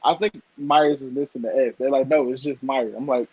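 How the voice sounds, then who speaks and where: A young man from Michigan co-hosting a casual podcast, a lively storyteller who teases playfully. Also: medium pitch, a little fast, breathy edge, no room sound. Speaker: podcast co-host. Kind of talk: casual chat. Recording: dull lo-fi podcast audio.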